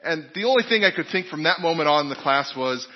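With a slightly high voice and lively intonation, a fast-talking pastor preaches casually, questioning his listeners and relating his own experiences. The audio sounds dull and reverberates through a long hall echo.

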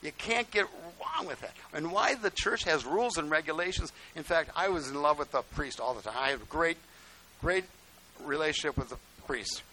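An older male pastor preaches with a bright, forceful voice, telling folksy stories and swinging from hushed asides to loud, emphatic points. His pitch sits a little high for a man, and a faint hiss runs under the recording. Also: animated, normal speed, low-quality recording. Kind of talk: sermon.

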